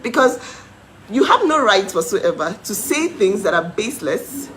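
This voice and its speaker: A woman's voice: medium pitch, sing-song, normal speed, fairly bright tone, slight background noise, rough recording. A young woman from Nigeria ranting to her followers, indignant and mocking, breaking into disbelieving laughs. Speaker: vlogger. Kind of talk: heated live rant to followers.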